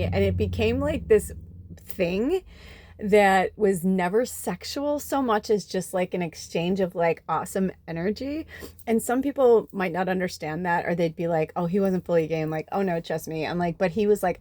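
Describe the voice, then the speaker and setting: A woman in her forties talks casually to her viewers as a spiritual reader, chatty and emotional. She swears freely and acts out what others said. The sound is dry and close, at a middling pitch. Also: normal speed, darkish tone, no echo. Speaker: spiritual reader and channel host. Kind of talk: casual storytelling to camera.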